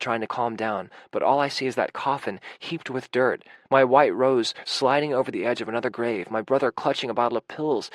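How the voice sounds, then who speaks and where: A male audiobook narrator with an average pitch, reading first-person prose in an intimate, emotional way. The recording is dry and close, with no room sound. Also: no echo. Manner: intimate and emotional, with anxious, racing passages.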